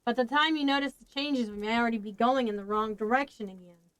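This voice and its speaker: A woman's voice: fairly high pitch, fast, a bit bright, clean tone, no echo, natural voice, poor audio. Lady reading as a tired blunt guy, plain delivery, dry close sound. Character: weary grown man, blunt loyal friend.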